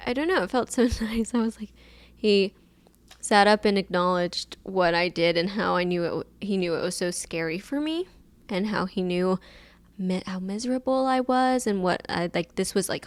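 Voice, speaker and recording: A young woman in her twenties hosts her own podcast and tells a personal story in a loose, emotional way, full of likes and ums. Her voice sits at a middle pitch. It is recorded close on a camera mic in a dry space with no room echo. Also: lively intonation, normal speed. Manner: chatty, emotional storytelling with many fillers. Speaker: podcast host. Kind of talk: casual solo podcast monologue.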